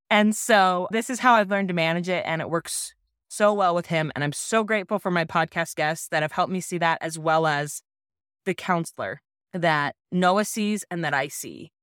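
A woman in her thirties hosting a parenting podcast, sharing a personal story in a gentle, earnest and reassuring way. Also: fairly low pitch, clear, resonant tone, no echo, clean studio sound.

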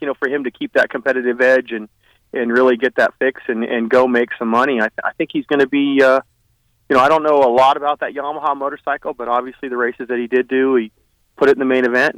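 A man's voice: mid-range voice, a bit bright, dry recording, poor audio. A man speaking as a guest on a sports radio show, hesitant and full of fillers. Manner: hesitant, full of "you know" and "uh". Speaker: guest, dirt track business owner. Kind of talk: casual radio interview.

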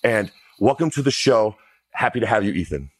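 A man's voice: on the low side, lively intonation, moderate pace, slightly rough, no echo. A man hosting an interview show, talking loosely and conversationally with fillers and restarts. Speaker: podcast host. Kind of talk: casual interview.

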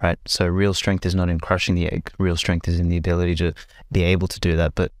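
A man with a very low voice holds forth in a relaxed podcast chat. He rambles, restarts his sentences and swears casually. The sound is close and dry, with no room around it. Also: fast talker, dry recording. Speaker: podcast guest.

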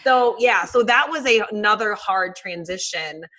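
A woman in her thirties, a guest telling a personal story in a casual, animated way with many fillers. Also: mid-range voice, normal speed.

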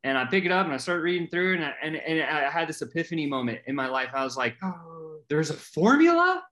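A middle-aged man telling his story in a casual chat, animated and full of fillers, acting out the voices he quotes. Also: a little high, fast.

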